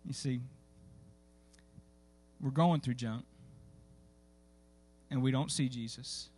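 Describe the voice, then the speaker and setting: A man's voice: medium pitch, slow pace, a little mellow. A man preaching a sermon, telling a story in a folksy, conversational way with many fillers and restarts. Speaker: pastor. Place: church sanctuary.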